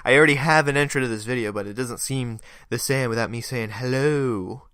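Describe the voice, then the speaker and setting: A man's voice: mid-range voice, fairly quick, a bit bright, clean tone, no room sound, clean studio sound. A young man hosting his own podcast in a casual, rambling, self-deprecating way, with a stuffy nose. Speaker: podcast host. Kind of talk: casual solo podcast monologue.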